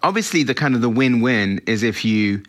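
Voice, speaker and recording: A man's voice: medium pitch, animated, moderate pace, fairly bright tone. A middle-aged British man, a film director, answering interview questions in a chatty, reflective way with frequent restarts.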